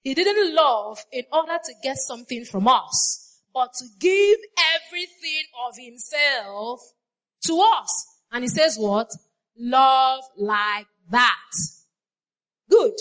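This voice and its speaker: A woman's voice: high voice, animated, slow, a bit bright. A woman preaching a sermon, repeating her phrases and putting questions to the congregation. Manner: call-and-response, asks the congregation questions.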